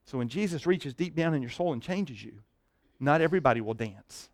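A fairly high-voiced man preaching a sermon from a pulpit. He tells the story with rising energy and falls to a soft hush at the tender parts, often stumbling over repeated words. The sound is dry and close, with no room echo. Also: fairly quick. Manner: animated storytelling, dropping to a hush for tender moments; repeats words and restarts while thinking aloud. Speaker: pastor.

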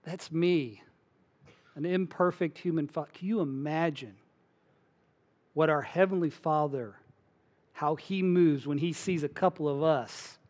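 Animated middle-aged male pastor preaching. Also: a little high, measured pace, long pauses. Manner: animated storytelling, acts out voices. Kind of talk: sermon.

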